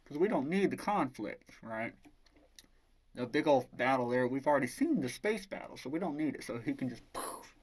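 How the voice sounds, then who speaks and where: A man casually retelling a novel's plot as a book reviewer, rambling and swearing freely. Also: medium pitch.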